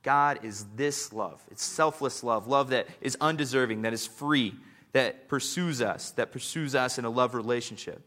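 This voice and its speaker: Bright-voiced male pastor preaching. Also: mid-range voice. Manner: earnest, slows down to stress scripture. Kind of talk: sermon.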